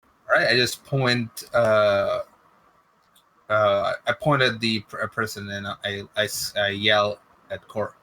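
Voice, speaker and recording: A man playing a tabletop game, describing his character's actions with halting restarts. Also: lowish voice, steady tone, sharp tone. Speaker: player. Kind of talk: tabletop role-play.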